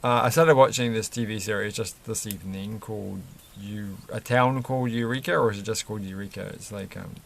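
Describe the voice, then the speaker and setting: A man talks in a loose, rambling way, chuckling and correcting himself as he goes. His voice sits low with a gravelly fry to it. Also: a little fast, few pauses, slight background noise. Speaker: Lego build vlogger. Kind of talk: casual chat while building.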